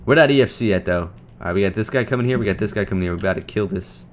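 A young man giving casual, joking commentary over a video game, trash-talking and breaking into loud shouts. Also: fairly low pitch, very fast, few pauses. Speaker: gaming commentator.

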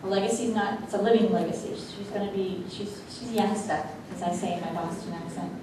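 A woman's voice: medium pitch, fairly even intonation. Woman in an echoey meeting hall. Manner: halting, warm tribute with many fillers. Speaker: school board member. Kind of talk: tribute speech at a public meeting. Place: school board meeting room. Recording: echoey hall, mic from far off, noisy.

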